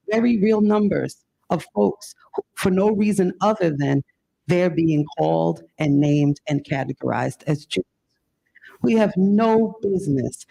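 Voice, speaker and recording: A man speaking as a panelist, answering in an earnest, lecturing, deliberate way. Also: a little high, creaky, a little mellow, slight background noise, low-quality recording.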